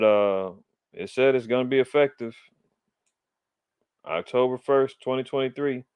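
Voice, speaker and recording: A man's voice: mid-range voice, darkish tone, clear, resonant tone, no echo. A middle-aged man from Los Angeles hosting a religious commentary show, indignant and preacherly as he comments on the news and reads scripture with emphasis.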